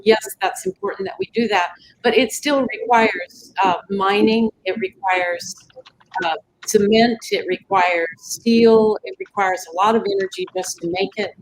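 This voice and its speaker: A woman's voice: medium pitch, unhurried, a little hiss or hum, low-quality recording. A woman speaking as a panelist, talking in a conversational way with many fillers. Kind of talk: panel discussion.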